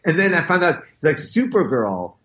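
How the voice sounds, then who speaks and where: A man with a Cleveland accent chatting casually as a podcast guest, animated and full of stammered restarts. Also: on the high side, moderate pace, highs cut off. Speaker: comic book writer guest.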